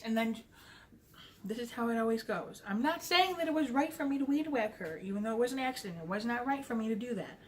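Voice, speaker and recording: A woman's voice: mid-range voice, slight background noise. A young adult woman vlogger telling a casual storytime. She is chatty and playful, pokes fun at herself, and leans on "like" as she talks. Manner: chatty, fills talk with "like"; playful and self-mocking.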